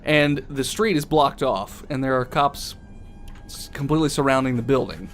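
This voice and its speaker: A man narrating as game master of a tabletop game, relaxed and chuckling as he describes the scene. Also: medium pitch, moderate pace, slight background noise.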